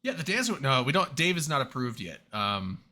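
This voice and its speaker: Bright, lively man chatting loosely. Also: mid-range voice, fairly quick. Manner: rambling, stumbles and restarts, laughs often. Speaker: podcast co-host. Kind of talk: casual chat among friends.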